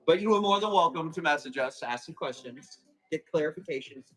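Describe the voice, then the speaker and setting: A man hosting a live plant auction stream, chatting casually and calling quick countdowns, with a casual swear here and there. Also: on the high side, expressive, husky, low-quality recording. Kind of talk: livestream sales chat.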